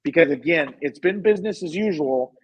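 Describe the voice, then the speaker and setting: Emphatic, higher-voiced man on a podcast. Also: lively intonation, a little fast, breathy edge, dry recording, rough recording. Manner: opinionated, emphatic, repeats phrases. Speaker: podcast co-host. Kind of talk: casual sports podcast chat.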